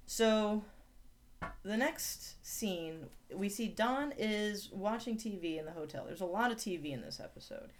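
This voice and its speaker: A woman's voice: medium pitch, expressive, unhurried, slight background noise. A woman co-hosting a podcast, chatting casually through a TV episode recap with lots of fillers and restarts. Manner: chatty, many fillers and restarts, reads summaries aloud. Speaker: podcast co-host.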